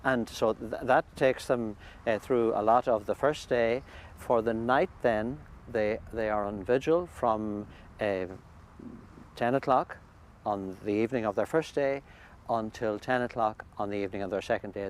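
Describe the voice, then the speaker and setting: A man, a priest, describing a pilgrimage in a thoughtful, halting way with many restarts, recorded outdoors by a lake. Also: mid-range voice. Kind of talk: conversational interview. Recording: faint outdoor background noise.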